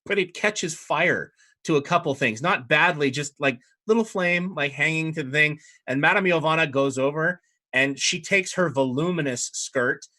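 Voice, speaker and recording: Bright-voiced man running a tabletop game. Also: on the high side, normal speed. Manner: loose, rambling narration with many fillers. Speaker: dungeon master.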